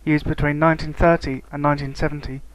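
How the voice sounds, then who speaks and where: A man's voice: on the high side, flat delivery, poor audio. Man reading a language lesson script. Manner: reads steadily from a prepared script, slowing on example words. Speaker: student narrator. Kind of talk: scripted educational narration.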